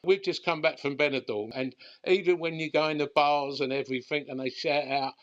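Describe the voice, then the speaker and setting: Animated older London man telling stories. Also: a little high, a little fast, muffled recording. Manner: rambling, animated, colloquial. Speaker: guest bookmaker. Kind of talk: casual storytelling chat.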